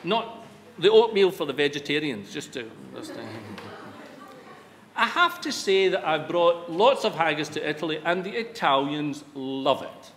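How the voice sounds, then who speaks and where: A man's voice: a little high, lively intonation, a little slow, fairly bright tone. A Scottish man giving a humorous after-dinner speech to a live audience, self-deprecating and wry, on a microphone in a large event hall. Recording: reverberant hall with light background noise.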